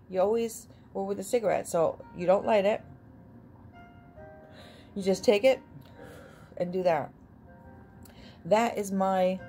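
A woman talks to her viewers in a casual personal vlog. Her voice is mellow and warm, at a middle pitch. She is chatty and encouraging and often repeats her words. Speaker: vlogger.

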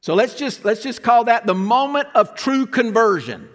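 A man's voice: very high-pitched, animated, moderate pace. A man preaching a sermon from the pulpit, explaining and asking the congregation questions. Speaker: pastor. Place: church sanctuary. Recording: long church reverb.

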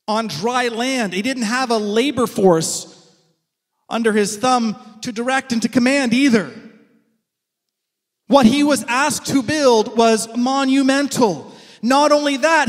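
A male preacher delivers a sermon, telling stories animatedly and posing rhetorical questions. His pitch is extremely high, and the sound carries a long reverb tail.

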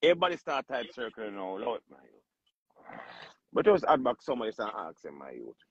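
A Jamaican man bantering on a livestream, his voice gravelly and husky. His pitch swings all over the place, and the sound is dry and slightly dull. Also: wildly swooping pitch, fairly quick, dry recording. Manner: loud, laughing, joking patois banter. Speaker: livestream host.

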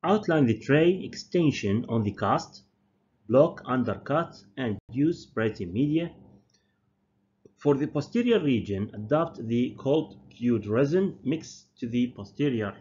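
A man, a native Arabic speaker, giving a university dental lecture slowly and deliberately, often repeating and correcting his terms. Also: mid-range voice, a little mellow, a little hiss or hum. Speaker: dental professor. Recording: dull lo-fi lecture recording.

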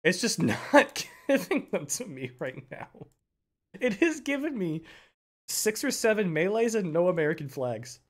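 Young guy streaming a game, jumpy voice swinging high and low, laughs a lot and yells. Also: a little slow. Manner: excitable, breaks into laughter and loud outbursts. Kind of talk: casual live-stream commentary.

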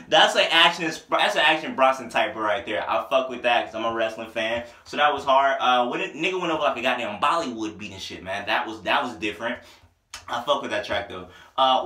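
Podekscytowany mężczyzna recenzuje album, jasny głos w pogłosie. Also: male voice, mid-range voice. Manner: excitable, exclaiming, rambling slang. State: headache. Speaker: music reviewer. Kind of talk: casual album review. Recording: echoey room.

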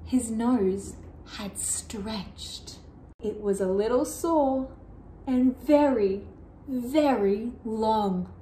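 A woman reading a picture book aloud to children, animated and asking the listener questions. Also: on the high side, very slow, echoey room, a little hiss or hum. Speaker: children's storyteller.

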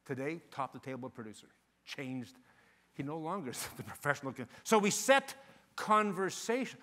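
Lively high-voiced older man giving a talk. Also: normal speed, in a large hall. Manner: animated, joking storyteller. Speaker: sales trainer giving a conference talk. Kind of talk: live conference presentation. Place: conference venue.

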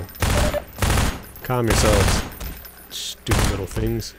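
A man's voice: fairly low pitch, expressive, takes it slowly, pauses often. A young man giving casual, jokey commentary while playing a video game, chatting at the enemies on screen. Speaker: let's play gamer. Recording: game noise under voice.

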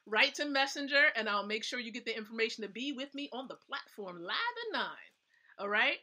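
A woman's voice: fairly high pitch, sing-song, a little fast, pushed and bright. A woman hosting a casual live stream, giving chatty, emphatic tips and often checking in with her viewers. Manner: chatty, emphatic, asks the audience questions. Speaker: host.

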